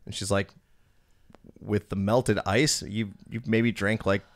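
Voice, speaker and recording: A young male podcast host from Wisconsin with a slightly low voice tells long, rambling party stories. He acts out what other people said with plenty of swearing, in a loose, casual chat. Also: takes it slowly. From Milwaukee, Wisconsin. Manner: rambling, animated anecdotes with voiced quotes and profanity.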